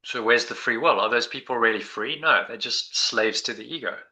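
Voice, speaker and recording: A man's voice: medium pitch, normal speed, bright, forceful tone, rough recording. A man leading a spiritual discussion group, talking in a meandering, reflective way with many restarts. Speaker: meditation group leader.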